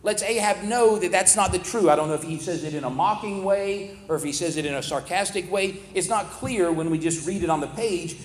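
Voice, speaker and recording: A man's voice: sits high, brisk, few pauses, a little hiss or hum. A man giving a plain-spoken, conversational Bible lesson, explaining the text as he goes. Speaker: Bible teacher. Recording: echoey hall with long reverb.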